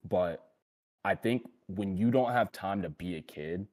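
A young man co-hosts a casual panel talk show, his voice sitting fairly low. He rambles through his points with plenty of fillers and restarts, and he gets giggly easily. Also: unhurried, darkish tone. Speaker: podcast co-host.

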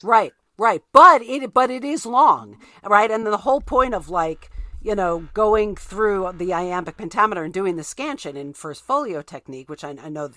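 A woman's voice: medium pitch, expressive, moderate pace, pushed and bright, no room sound, clean studio sound. A woman in a casual literary discussion who makes her points emphatically and keeps asking "right?".

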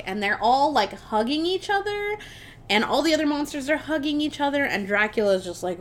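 A young woman with a slightly high voice tells a film's plot to her co-host in an animated, rambling way. She leans on "like" and casual swearing as the story builds. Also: normal speed. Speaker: podcast co-host. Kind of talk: casual film recap.

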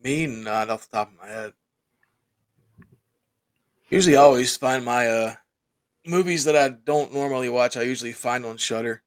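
A man's voice: medium pitch, normal speed, pauses often. A man chatting as a podcast guest, laid-back, making brief remarks. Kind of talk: casual chat.

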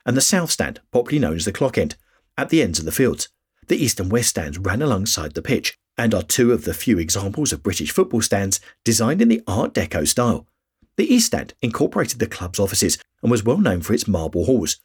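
A man's voice: fairly low pitch, breathy edge. A man reading a scripted history narration for a podcast. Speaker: podcast host.

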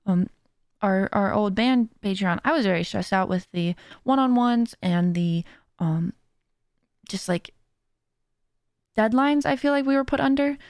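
On her own podcast, a young adult host and streamer chats and rambles casually into a close mic, with frequent fillers and giggles. The woman's medium-pitched voice has a darkish yet clean tone, and the recording is dry.

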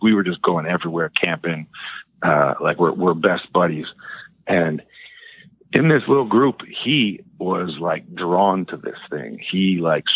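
A man's voice: sits low, no echo. A man calling in to a talk show, telling a personal story in a hesitant, rambling way full of fillers and restarts, heard over a tinny phone line. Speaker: caller.

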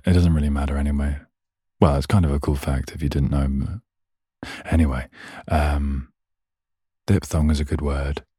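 Young guy rambling on his podcast, self-mocking, really deep husky voice. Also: mellow, no room sound, clean studio sound. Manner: self-mocking, chatty, meandering. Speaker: podcast host. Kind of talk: rambling solo podcast chat.

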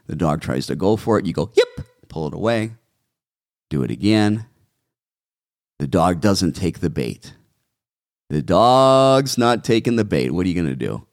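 A man's voice: low voice, no echo, clean studio sound. A man, a dog trainer, answering viewer questions in a direct, coaching way and repeating key instructions.

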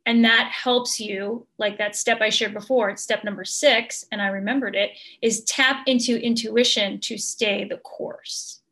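A woman coach answering an interview question in a gentle, measured, earnest way, with many ums. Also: on the high side, fairly even intonation.

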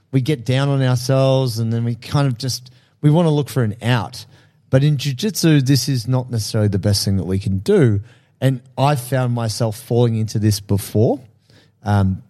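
A man co-hosting a podcast, telling stories in a casual, animated way and laughing at himself. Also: medium pitch. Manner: animated storytelling, laughs often, self-deprecating. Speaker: podcast co-host.

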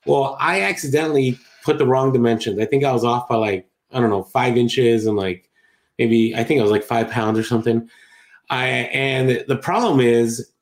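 A man co-hosting a podcast chats casually at a middle pitch. He rambles and corrects himself mid-thought. His voice rings in an echoey room. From Latin America. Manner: rambling, self-correcting, chatty. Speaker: podcast co-host. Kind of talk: casual chat about online selling.

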